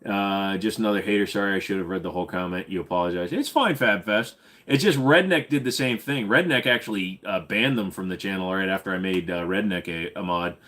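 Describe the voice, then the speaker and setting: A man's voice: low voice, fairly quick, fairly bright tone. A man hosting a casual live question-and-answer stream, rambling and swearing freely with lots of fillers. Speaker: livestream host.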